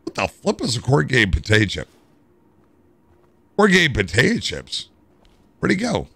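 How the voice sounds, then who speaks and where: Jokey American streamer with a creaky voice. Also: male voice, medium pitch, moderate pace. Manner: animated, jokey, complains to chat. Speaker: game streamer. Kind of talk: live gameplay commentary.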